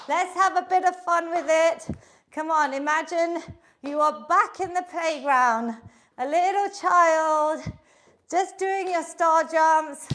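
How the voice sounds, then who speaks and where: High-voiced woman leading a slow, encouraging workout. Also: fairly bright tone. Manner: encouraging, chatty coaching with counting. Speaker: fitness instructor. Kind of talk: live online exercise class.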